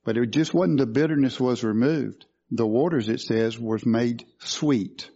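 With the highs cut off, a mellow medium-pitched voice comes through at a moderate pace. The man teaches through scripture in his sermon, putting questions to the congregation.

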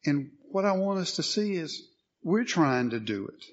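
A man's voice: on the high side, sing-song, a little slow, lo-fi sound. A man preaching a sermon, asking questions and answering them, with emphatic statements.

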